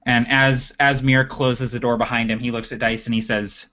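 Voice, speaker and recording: A man narrating as dungeon master in a tabletop game, telling the story at a steady pace. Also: mid-range voice, moderate pace, hardly any pauses. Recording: dull lo-fi recording.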